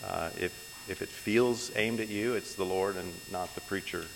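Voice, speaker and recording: A man preaching a sermon from the pulpit in a church sanctuary, unhurried, with many pauses and ums between phrases. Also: deep voice, creaky. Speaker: pastor. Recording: long hall reverb, faint mains hum.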